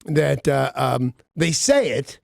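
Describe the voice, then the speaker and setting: A man's voice: medium pitch, big pitch swings, takes it slowly, vocal fry, a little mellow, no echo. A man hosting a radio morning show, chatting casually in a rambling, self-mocking way full of restarts, on a studio microphone. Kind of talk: casual on-air banter.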